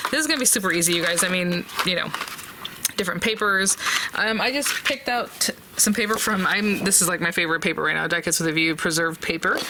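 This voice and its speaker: A woman hosts a casual crafting tutorial from a close desk mic, chatty and thinking aloud to her viewers. Her voice is bright and forceful, set a little low. A faint hiss runs under the recording. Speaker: papercraft tutorial host.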